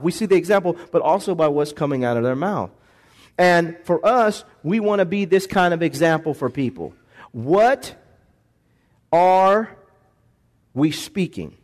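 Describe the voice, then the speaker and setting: A male pastor preaching a sermon in a church on a microphone, calling for responses from the congregation and shifting pace and volume. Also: sits high.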